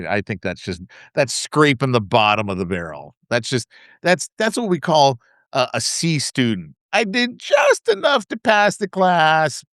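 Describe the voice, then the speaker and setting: A man's voice: medium pitch, a bit bright, no room sound, clean studio sound. A man co-hosting a podcast, telling casual anecdotes full of fillers and asides. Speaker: podcast co-host. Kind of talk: casual chat.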